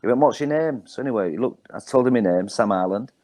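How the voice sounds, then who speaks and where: A man's voice: fairly low pitch, very fast, a little mellow. A middle-aged man with a Hull accent, a guest comedian telling rambling, wry stories with lots of ums. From Hull, England. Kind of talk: casual storytelling.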